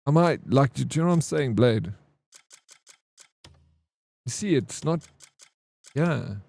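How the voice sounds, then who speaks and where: A man's voice: mid-range voice, lively intonation, slow pace, gravelly, warm tone, no echo. A young man, chatting loosely and rambling to himself as he streams a game, swearing now and then. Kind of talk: casual live gameplay commentary.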